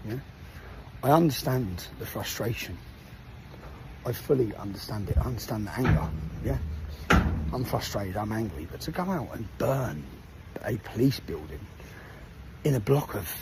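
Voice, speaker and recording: A man's voice: medium pitch, darkish tone. A man giving a heated, emphatic message to the public, swearing and asking "yeah?" after his points. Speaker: activist addressing the public. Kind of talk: direct-to-camera video message.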